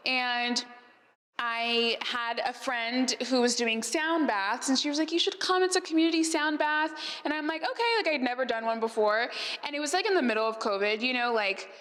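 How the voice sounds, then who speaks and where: Speaking at a moderate pace in a fairly bright, high-leaning voice, an Arizona podcast host takes questions at a live gathering. She answers with chatty stories, sprinkling in laughs and plenty of "like." Long reverb fills the hall.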